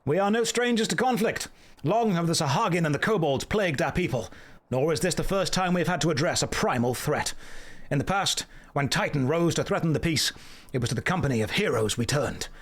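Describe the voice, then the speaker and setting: A man's voice: fairly high pitch, animated, fairly quick. A man voicing a stately admiral giving a solemn speech in a game cutscene.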